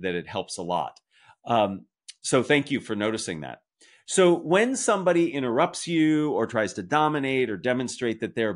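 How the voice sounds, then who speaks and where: A middle-aged man speaking as an interview guest with a mid-range voice. He lays out his advice step by step in a methodical way and recaps his key points. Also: medium pitch. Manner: structured, explanatory, summarizes his points. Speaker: communication author and guest. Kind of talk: podcast interview answer.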